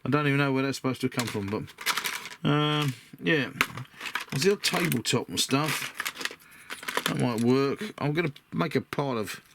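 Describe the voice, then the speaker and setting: A man's voice: mid-range voice, normal speed, creaky, pauses often. A middle-aged British man talking in a rambling, chatty, self-deprecating way as he sorts through parts in his workshop. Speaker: miniature model builder. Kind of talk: casual hobby vlog. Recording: noisy workshop recording with clicks.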